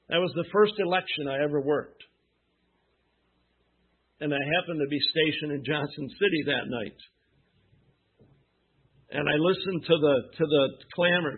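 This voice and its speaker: A man preaching a sermon, asking his listeners questions and answering them with emphasis, pausing between phrases. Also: on the high side, slightly rough. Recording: tinny phone-like sound.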